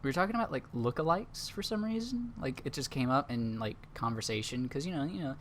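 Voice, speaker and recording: A young adult man hosts a laid-back podcast and tells a long anecdote in a loose, rambling way, full of fillers. His pitch sits mid-range for a man. A faint hiss sits under the recording. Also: expressive, fast, fairly bright tone. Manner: rambling, filler-heavy storytelling. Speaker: podcast host. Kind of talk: casual storytelling chat.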